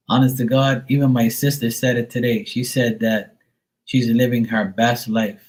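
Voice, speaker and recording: A man's voice: mid-range voice, a little mellow, low-quality recording. Middle-aged male streamer, casual profane storyteller, heavy on fillers. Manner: mimics others in a raised voice. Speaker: live stream host.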